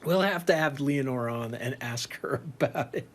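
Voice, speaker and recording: A man telling a tour story in a casual, animated way, laughing often and swearing freely. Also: mid-range voice, normal speed.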